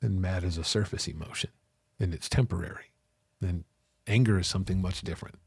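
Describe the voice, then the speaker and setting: A man's voice: sits low, steady tone, a little fast, creaky, darkish tone, breathy edge, no echo. A middle-aged man in a candid interview, earnestly recounting his past and acting out conversations with raised voices. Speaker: interview guest.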